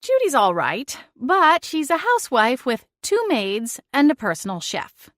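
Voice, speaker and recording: A woman's voice: high voice, huge pitch swings, unhurried, no echo, clean studio sound. A woman narrating a cozy first-person audiobook, reading expressively and acting out exasperated dialogue.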